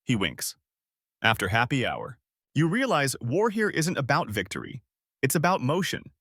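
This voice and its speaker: A man giving deadpan scripted narration in short, clipped sentences. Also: mid-range voice, normal speed, slightly rough, no room sound, studio quality.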